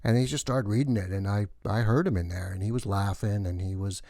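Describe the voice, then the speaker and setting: A man doing a gossipy cleaner from a space station, rambling and chatty, full of asides. His voice is low and mellow, and it sounds dry and close. A comic sketch told as backstage gossip. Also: a little fast, dry recording, natural voice.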